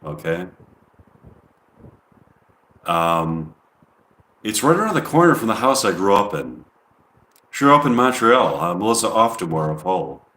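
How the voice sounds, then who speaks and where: A man's voice: lowish voice, big pitch swings, measured pace, long pauses, pushed and bright, reverberant. A man rambling through an improvised comedy monologue, hesitant and full of ums. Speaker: comedian live-streaming.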